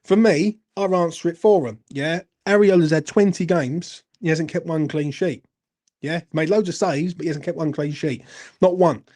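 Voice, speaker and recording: Thirties bloke, fan-channel live host, slightly high voice with a warm, dark tone, sweary and chatty. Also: male voice, normal speed. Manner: blunt, sweary, chatty, addresses viewers as mate. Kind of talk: live-stream fan chat, reading viewer comments.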